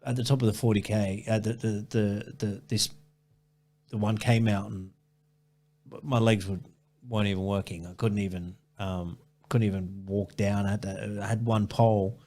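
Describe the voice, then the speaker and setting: A man's voice: fairly low pitch, flat delivery, normal speed, dark tone. A man telling a long running story in a casual interview, rambling and swearing, with many restarts. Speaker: ultrarunner guest.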